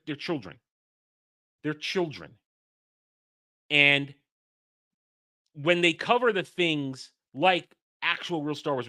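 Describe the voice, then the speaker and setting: A man's voice: on the high side, pushed and bright. A man hosting a livestream, ranting in a heated way with frequent stumbling restarts. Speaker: host.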